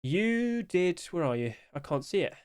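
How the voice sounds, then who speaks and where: A young man talks in a fairly high voice through a casual screen-share review. He sounds tired and now and then stifles a yawn. He keeps asking rhetorical questions and speaks straight to the items he is looking at. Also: big pitch swings, normal speed, clear, resonant tone. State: tired, yawning. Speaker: game skin market commentator.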